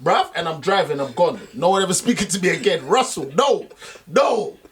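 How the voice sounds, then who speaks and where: A man's voice: high-pitched, animated, moderate pace, fairly bright tone. A man, co-hosting a podcast in casual, slangy chat and laughing often. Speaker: podcast co-host.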